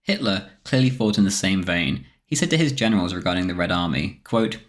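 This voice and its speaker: A man reading a scripted history documentary narration in a steady, measured way. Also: sits low.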